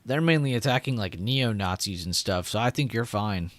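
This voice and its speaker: A man's voice: on the low side, lively intonation, moderate pace, no room sound. Chatty man hosting a trading stream. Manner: chatty, reads chat aloud, laughs often. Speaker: livestream trading host. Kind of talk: casual livestream commentary.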